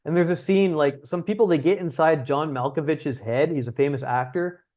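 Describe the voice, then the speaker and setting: A man's voice: fairly high pitch, normal speed, darkish tone. A young man hosting a livestream, talking casually and bluntly as a dating coach, with frequent swearing. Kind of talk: livestream talk.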